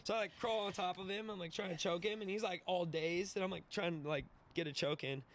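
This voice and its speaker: A young man in his twenties, a podcast guest telling a wild story in an animated, profane way, laughing and acting out the voices. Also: high voice, fairly quick, slight background noise. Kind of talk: casual storytelling.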